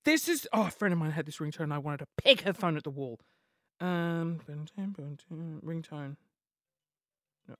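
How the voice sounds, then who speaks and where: Male podcast host, 30s; high, very expressive voice, exasperated comic rants, dry close sound. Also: measured pace, no echo. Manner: animated, exasperated ranting with swearing and playful impressions. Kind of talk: comedic podcast monologue.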